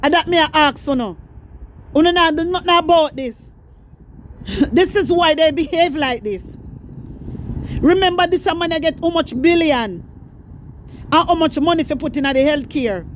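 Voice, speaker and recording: Jamaican woman, high-pitched, heated scolding commentary, faint street noise behind. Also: moderate pace, long pauses. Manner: fiery, repetitive, scolding, addresses viewers directly. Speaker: political commentary vlogger. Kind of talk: impassioned political commentary.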